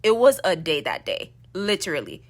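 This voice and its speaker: A young woman telling a storytime vlog, animated, often asking "okay?" and swearing casually. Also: fairly low pitch, normal speed, gravelly, roomy sound.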